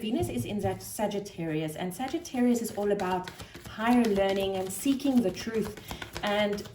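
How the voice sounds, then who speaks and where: A woman giving a spiritual tarot card reading, soft-spoken and thinking aloud with gentle pauses. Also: mid-range voice. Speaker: tarot reader. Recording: roomy echo with faint noise.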